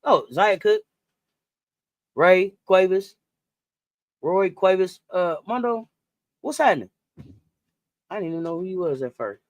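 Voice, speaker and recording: Animated high-voiced man hosting sports chat. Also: measured pace, long pauses, dry recording. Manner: animated, slangy, greets and reads live chat comments. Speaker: sports talk host. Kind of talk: casual livestream sports chat.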